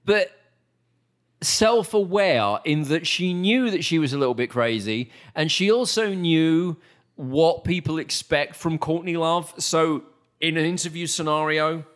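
A man's voice: a little high, unhurried. A man co-hosting a podcast, telling anecdotes in casual chat and acting out quoted lines. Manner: animated anecdotes with put-on quotes. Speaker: podcast co-host.

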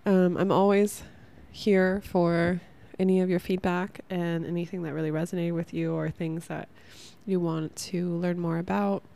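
A woman's voice: on the low side, level tone, moderate pace, creaky, few pauses, warm tone. A young woman hosting a casual spiritual self-help podcast, rambling earnestly with lots of "like" and laughing at herself. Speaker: podcast host.

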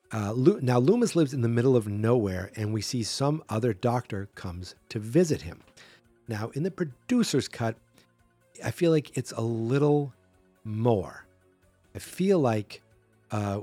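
A man's voice: mid-range voice, darkish tone, husky, no echo. A man hosting a solo podcast, rambling through a movie in casual commentary and acting out quotes in a raised voice. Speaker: podcast host.

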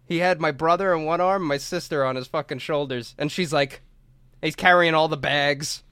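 A young man with a slightly high voice tells a story at full tilt, swearing freely and jumping into the voices of everyone in it. His voice is recorded close and dry, with almost no room sound. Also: moderate pace, smooth, no room sound. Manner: animated, profane, acts out quoted voices. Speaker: podcast co-host. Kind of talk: casual storytelling chat.

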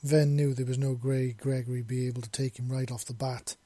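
Male narrator of a romance story with a dark, mellow, husky tone and an even delivery. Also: mid-range voice, brisk, dry recording.

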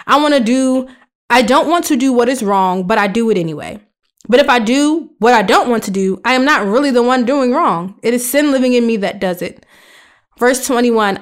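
A woman's voice: a little high, animated, moderate pace. A young adult woman hosting a faith podcast, talking in an earnest, conversational and emphatic way. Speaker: podcast host.

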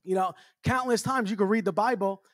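A man with a very high voice preaches a fervent revival sermon. He hammers on repeated rhetorical questions and climbs toward shouting. The sound is dry and close, with no room around it. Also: brisk, dry recording.

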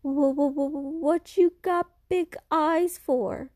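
A woman's voice: high-pitched, lively intonation, moderate pace, mellow, no echo, clean studio sound, faint music behind, pitched above the performer's own voice. A woman voicing a scared young boy who stammers over his words. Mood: stammering. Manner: stammering, fearful. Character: frightened little boy, stammering.

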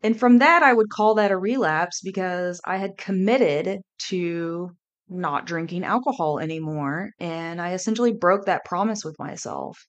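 A woman hosting a podcast, candidly and reflectively telling a personal story in a relaxed, conversational way. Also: on the low side, moderate pace. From Kansas City area. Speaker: podcast host.

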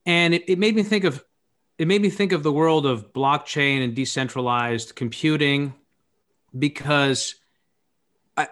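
A man's voice: a little high, a bit bright. A man who runs his own podcast, a guest here, thinking aloud in a reflective, philosophical way. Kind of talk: reflective conversational talk.

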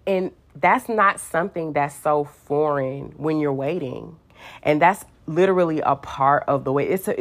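A young woman in casual faith talk, telling stories with sass and slang and acting out quoted voices. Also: deep voice. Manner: sassy, animated storytelling with slang and quoted voices.

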